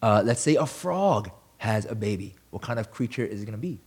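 A man's voice: lowish voice, expressive, brisk, darkish tone, slightly rough. A man preaching a sermon as a pastor, in a conversational way, often asking the listeners questions.

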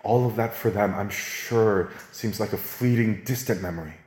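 A man with a lowish voice preaching a sermon in an earnest, conversational way. He talks straight to the congregation and builds into animated, higher stretches. The sound is roomy, as if caught in a sanctuary. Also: moderate pace. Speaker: pastor.

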